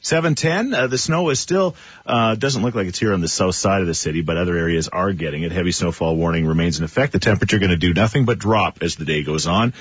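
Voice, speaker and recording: Deep husky male radio host. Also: fast, no echo, dull audio. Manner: easygoing, frequent uh fillers. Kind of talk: morning radio banter. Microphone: studio microphone.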